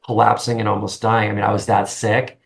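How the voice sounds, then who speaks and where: A middle-aged man, a guest in an interview, speaking earnestly with halting restarts. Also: lowish voice, flat delivery, gravelly. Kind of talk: conversational interview.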